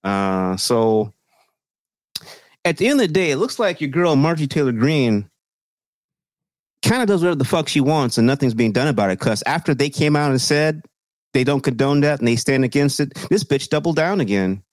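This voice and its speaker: A man's voice: medium pitch, lively intonation, moderate pace, no room sound. Profane sarcastic man talking politics. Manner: profane, sarcastic, mocking quoted voices. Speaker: podcast co-host. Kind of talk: casual political chat.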